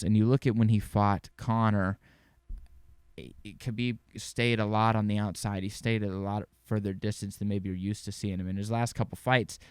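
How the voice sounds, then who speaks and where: Rambling young man with smooth voice. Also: lowish voice, no echo. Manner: rambling, excitable, swears casually. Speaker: podcast host. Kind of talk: casual sports chat.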